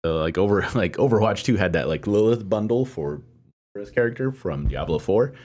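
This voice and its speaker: A man with a very low voice chatting on a gaming podcast. He talks slowly and thinks out loud, with plenty of ums and restarts along the way. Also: lively intonation. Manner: hesitant, lots of ums and restarts, measured. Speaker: podcast co-host. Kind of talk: casual podcast discussion.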